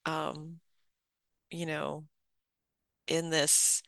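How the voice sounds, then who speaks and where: An adult in their fifties telling a personal memory in a halting, reflective way, full of fillers and restarts. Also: mid-range voice, level tone, creaky, bright, forceful tone, dry recording. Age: 50s.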